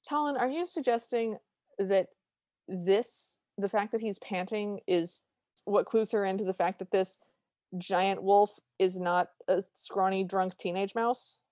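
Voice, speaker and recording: A woman's voice: medium pitch, measured pace, a little mellow, dry recording, clean studio sound. A woman co-hosting a podcast, retelling a cartoon's plot in casual chat with wry asides. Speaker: podcast co-host.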